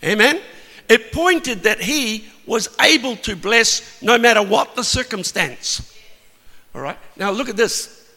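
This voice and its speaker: A man preaching a sermon, telling a Bible story with animated, emphatic peaks. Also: high voice, a little slow. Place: church hall. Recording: long hall reverb.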